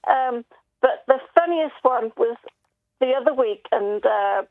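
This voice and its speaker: A woman's voice: on the high side, a little slow, no echo. A middle-aged woman with a Northeast English accent, calling in to tell a funny family story and laughing as she talks. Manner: chatty, laughs through her stories. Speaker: caller. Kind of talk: casual phone-in storytelling. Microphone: telephone. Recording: muffled phone line.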